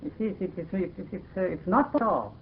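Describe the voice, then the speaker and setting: A man's voice: high voice, huge pitch swings, fast, creaky. A man in a philosophical conversation, talking in an emphatic, insistent way and pressing his points with repeated "you see.". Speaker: spiritual speaker in discussion. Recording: tinny lo-fi archival recording with faint hiss.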